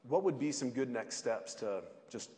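A man's voice: mid-range voice, lively intonation, normal speed, warm tone. A man moderating a panel, posing loose, rambling questions to the audience and panel. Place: large hall with an audience. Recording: hall reverb with faint crowd.

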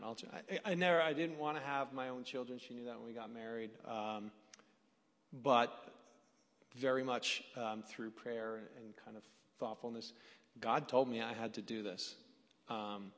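Halting man speaking in a hall. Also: mid-range voice, fairly bright tone. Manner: halting, self-deprecating, many restarts. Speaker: panelist, former foster parent. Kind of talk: panel talk to an audience. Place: large hall with an audience. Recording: hall reverb.

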